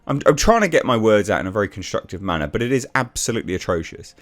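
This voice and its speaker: Blunt, lively man reviewing. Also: lowish voice, rapid-fire. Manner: blunt, exasperated, with frequent restarts and swearing. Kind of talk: casual review rant.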